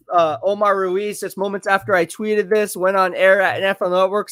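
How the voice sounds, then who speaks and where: High-voiced man laughing through live commentary. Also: dry recording, studio quality. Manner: laughing, boastful, quick bursts of excitement. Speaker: live stream host. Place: home live stream.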